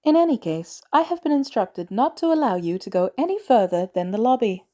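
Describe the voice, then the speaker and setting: A woman's voice: on the high side, fairly quick, voice pushed up. A woman reading a cool British AI butler. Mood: coolly polite. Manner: formal, calm, precise.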